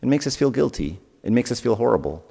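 A man's voice: medium pitch, big pitch swings, quick pace, creaky, dark tone, in a large hall. A man giving a sermon as a youth speaker, telling stories in a conversational way and asking his audience questions.

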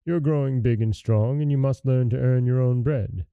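A man's voice: mid-range voice, normal speed, smooth, no room sound, phone-quality sound, lightly acted. A man voicing a weary, exasperated father who scolds his son in a storybook reading. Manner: scolding, sighing.

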